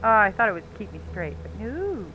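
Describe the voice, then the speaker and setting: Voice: medium pitch, sing-song, a little fast, dull audio, a little hiss or hum. A live streamer giving casual gameplay commentary, chatting to themself and tossing in playful silly words.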